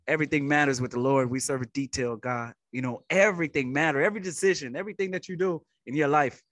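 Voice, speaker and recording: A man on a casual faith podcast whose voice sits a little high for a man. He keeps backing up his co-host with short affirmations. The recording is dry and close. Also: quick pace, a bit bright, no room sound. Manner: affirming interjections, calls out "facts".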